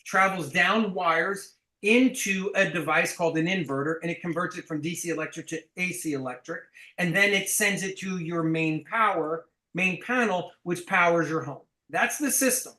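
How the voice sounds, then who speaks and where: A man with a high, bright and sharp voice coaches a sales team. He talks bluntly and emphatically and swears casually. The room sounds roomy and echoing. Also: normal speed.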